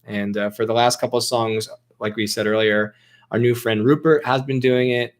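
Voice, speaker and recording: A man's voice: medium pitch, steady tone, moderate pace. Joking man reading fan questions. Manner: joking, reads viewer questions aloud. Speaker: band member answering fan questions. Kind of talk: casual chat.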